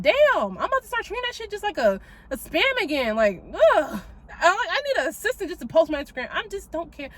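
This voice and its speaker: A woman's voice: fairly high pitch, a bit bright. A young woman hosting a solo podcast, chatty and swearing freely, often laughing. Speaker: podcast host. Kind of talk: casual solo podcast monologue.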